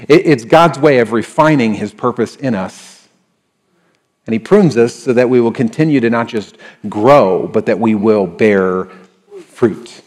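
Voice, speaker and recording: A man preaching a sermon as a pastor, conversational and animated, acting out little dialogues, often restarting and repeating words. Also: medium pitch, normal speed, in a large hall.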